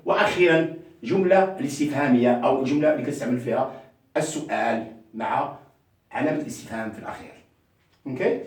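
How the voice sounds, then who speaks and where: A man teaching a beginner language lesson, slowly repeating example sentences again and again. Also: fairly high pitch. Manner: slow repetitive drilling of example sentences. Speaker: English teacher. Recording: very echoey room, mic far off.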